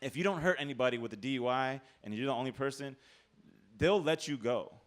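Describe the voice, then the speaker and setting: A man telling a comic true story on stage, animated, profane and laughing at himself. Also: mid-range voice, a little fast. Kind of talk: live comedic storytelling.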